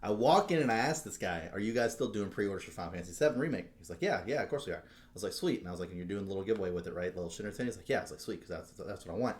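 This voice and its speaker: A man co-hosting a podcast, telling a story as a fast, animated rant full of swearing. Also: lowish voice. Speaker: podcast co-host. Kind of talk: casual chat.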